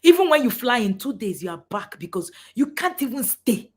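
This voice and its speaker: A woman's voice: fairly high pitch, sing-song, a little fast, hardly any pauses, husky. A middle-aged woman, a parent coach giving a passionate motivational talk, swinging between emphatic lines and near-whispers.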